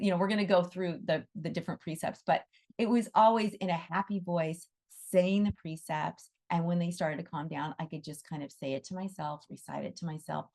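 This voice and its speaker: A woman teaching an online Animal Reiki class, earnest and emphatic, repeating phrases for stress. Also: on the low side. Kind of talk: live online class talk.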